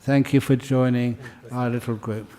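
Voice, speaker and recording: A man's voice: mid-range voice, little pitch movement, heavy background noise. A man leading a ceremony, reading out names and welcoming each new member in a chatty, good-humoured way. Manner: slow, warm-hearted and chatty, laughing between names. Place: meditation hall.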